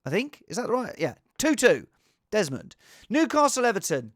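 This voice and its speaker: A man's voice: high voice, huge pitch swings, normal speed, dry recording, clean studio sound. A man chatting casually on his own as a fantasy football vlogger, rambling with restarts and asides. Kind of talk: casual solo chat.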